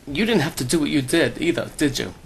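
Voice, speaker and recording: A man's voice: on the high side, expressive, fast talker, creaky, slight background noise. A man voicing a touchy woman vlogger who talks back in a defensive, exasperated way.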